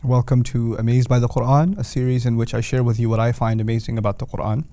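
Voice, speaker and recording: Male teacher, casual explainer, mid pitch, dry close sound. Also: flat delivery, fast, warm tone, no room sound. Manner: conversational, explains with everyday examples. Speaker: teacher of Quranic Arabic.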